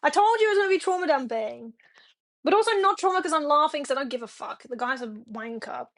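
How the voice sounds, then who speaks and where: A woman's voice: high-pitched, animated, fast talker, a bit bright. A young woman streaming from home, chatting frankly and swearing a lot as she rambles to her viewers. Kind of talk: casual chat to a live stream audience.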